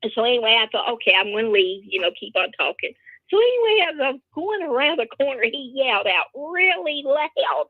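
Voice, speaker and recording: A woman co-hosting a casual show, telling funny everyday stories in an animated, laughing way. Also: high voice, a little fast, dry recording. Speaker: co-host. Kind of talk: casual storytelling chat. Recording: tinny phone line.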